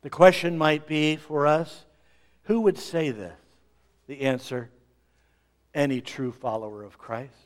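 A middle-aged male pastor delivering a sermon in a fairly high voice. He swings between loud, emphatic lines and soft asides. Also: fairly even intonation, a little slow, long pauses.

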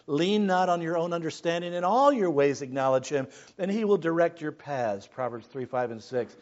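A man preaching a sermon, swinging between hushed lines and shouted ones. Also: on the high side, expressive, moderate pace, dull audio. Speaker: pastor.

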